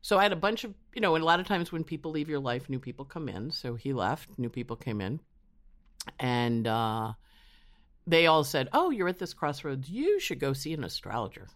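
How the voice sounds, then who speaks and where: A man being interviewed as an astrologer, telling his story casually and acting out quotes in animated voices. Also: fairly high pitch, normal speed. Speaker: astrologer guest. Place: home in New York.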